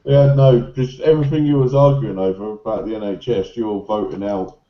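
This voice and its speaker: A man interjecting in a heated online debate, halting and stammering. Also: fairly low pitch, fairly even intonation. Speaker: debate participant. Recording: roomy lo-fi call audio.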